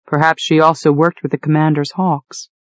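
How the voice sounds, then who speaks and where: A woman narrating a novel in the first person, in an even, measured storytelling manner. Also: low voice, no room sound. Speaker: audiobook narrator. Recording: dull, dry studio read.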